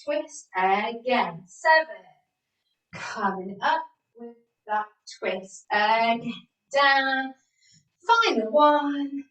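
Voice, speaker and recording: Woman instructor, higher voice, slow and clear, cueing moves; echoey room, far from the mic. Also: fairly bright tone. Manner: encouraging, counting out moves. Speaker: fitness instructor. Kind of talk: leading an exercise class. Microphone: video call.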